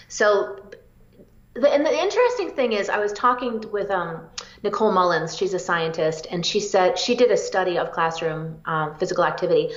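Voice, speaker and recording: Eager woman psychologist, roomy lo-fi audio. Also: medium pitch. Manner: energetic, eager, rapid bursts. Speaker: psychologist guest. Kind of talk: interview answers.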